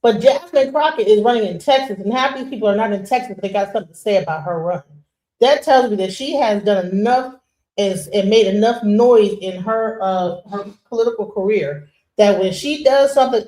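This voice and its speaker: A woman's voice: medium pitch, normal speed, reverberant, rough recording. A woman hosting a casual stream, talking animatedly and emphatically. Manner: animated, emphatic, mocking impressions. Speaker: host.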